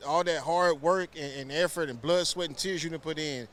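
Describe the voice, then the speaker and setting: A man from Houston, co-hosting a podcast and telling animated stories in casual chat. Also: a little high, brisk, slight background noise. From Houston, Texas. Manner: animated storytelling, acts out quotes. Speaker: podcast co-host.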